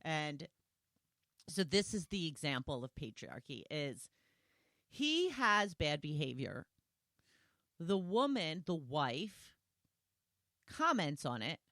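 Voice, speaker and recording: A woman's voice: low voice, big pitch swings, slow pace, pauses often, fairly bright tone, no room sound, studio quality. A woman hosting a solo podcast, talking conversationally and retelling scenes with quoted lines. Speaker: podcast host.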